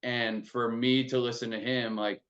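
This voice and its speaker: A man of middle pitch chats loosely as a podcast host, piling on filler words as he goes. The recording has a dull, lo-fi sound. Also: level tone, unhurried, a bit bright. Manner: loose and talkative, lots of filler likes. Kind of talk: casual conversational discussion.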